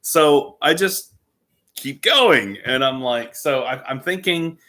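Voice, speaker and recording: Male vlogger with a lively, bright voice for a casual story to camera. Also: mid-range voice, slow. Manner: animated, with frequent fillers.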